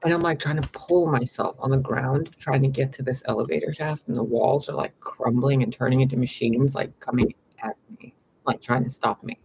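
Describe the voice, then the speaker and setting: A man telling a long dream story to his viewers in a rambling, animated way with lots of fillers. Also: brisk, vocal fry, hardly any pauses, slightly rough. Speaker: spiritual vlogger. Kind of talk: casual storytelling to camera. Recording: slightly dull lo-fi with faint rumble.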